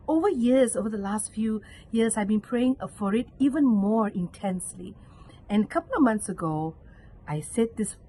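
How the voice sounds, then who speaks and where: Woman, Malaysian English accent, earnest devotional talk, fairly high voice, faint hiss behind. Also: dark tone, poor audio. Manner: earnest, acts out quoted voices with sudden pitch jumps. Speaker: catechist. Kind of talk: devotional reflection.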